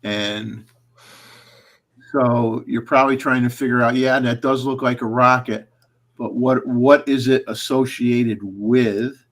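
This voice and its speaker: A man's voice: mid-range voice, takes it slowly. Easygoing male livestream host. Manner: relaxed, chatty, reads out camera settings. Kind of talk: casual chat.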